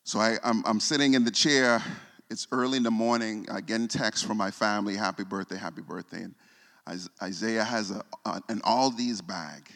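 A man, preaching a sermon and telling a personal story, often repeating himself and dropping soft when moved. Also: on the low side, moderate pace. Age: 40s. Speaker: pastor. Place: church sanctuary. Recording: long hall reverb.

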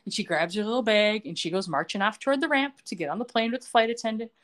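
A woman co-hosting a casual podcast, retelling scenes with animated, acted-out quotes. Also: medium pitch, quick pace. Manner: animated storytelling, acts out quotes. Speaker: podcast co-host.

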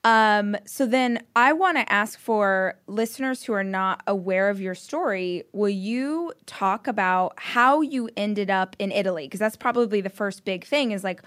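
A woman's voice: medium pitch, normal speed, hardly any pauses, fairly bright tone. A woman hosting a podcast, chatting casually and easily agreeing with her guest. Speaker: podcast host. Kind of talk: casual interview chat.

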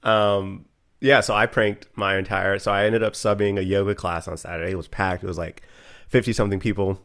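Deep-voiced man co-hosting a podcast. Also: brisk. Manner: animated storyteller, swears freely. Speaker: podcast co-host. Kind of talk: casual chat.

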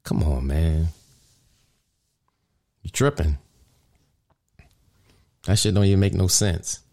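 A man hosting a podcast, ranting indignantly in casual, profane street slang, often jumping high with emphasis. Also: takes it slowly, mellow. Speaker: podcast host.

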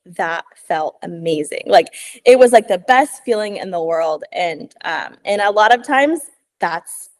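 A woman's voice: lowish voice, measured pace. A young woman, a dog trainer co-hosting a podcast, talking casually with lots of fillers and acted-out quotes. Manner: chatty, animated quoted voices, frequent "like" and "um".

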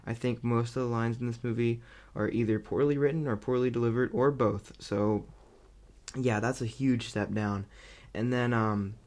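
Man, mid-pitched, casual spoken movie review; rambly, excitable, filler-heavy delivery. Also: moderate pace. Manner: excitable and amused.

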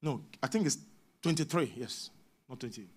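A man with a Ghanaian English accent preaching a sermon as a prophet, moving between hushed asides and shouted exhortation. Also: mid-range voice, animated, moderate pace, breathy edge.

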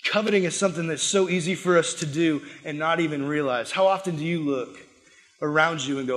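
A man with a notably high voice preaches to his congregation, shifting into little acted voices for the prayers and grumbles he quotes. His delivery is animated and emphatic but stays conversational, like a pastor talking straight to his church. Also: fairly quick, big-room sound. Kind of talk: sermon.

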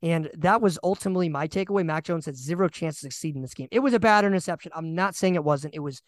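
A young man co-hosting a casual sports podcast, animated and ranting, often repeating himself. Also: fairly high pitch, fast talker, no echo. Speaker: podcast co-host.

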